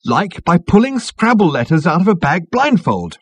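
A man's voice: high-pitched, sing-song, moderate pace, slightly rough, no echo, voice pushed up, heavily acted. A man reading an audiobook, voicing a bemused ordinary man who reasons things out earnestly. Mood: earnest reasoning.

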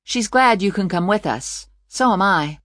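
A narrator voicing a brisk, direct young woman in an audiobook, speaking bluntly. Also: mid-range voice, lively intonation, fairly bright tone, no room sound, clean studio sound, pitched above the performer's own voice. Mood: warm.

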